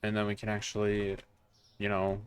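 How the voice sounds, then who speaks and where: A male game streamer with a somewhat low voice talks through his play in loose, casual commentary. He rambles, trails off and makes fun of himself in a jokey way. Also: monotone, normal speed, clear, resonant tone, dry recording. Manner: rambling, self-mocking, jokey.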